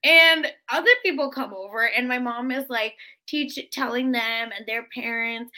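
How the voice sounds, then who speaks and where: A woman co-hosting a chatty podcast, her voice bright and a little high. She tells her stories with energy and slips into acted quotes along the way. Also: moderate pace, hardly any pauses. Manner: animated storytelling with acted quotes. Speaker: podcast co-host. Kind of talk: casual chat.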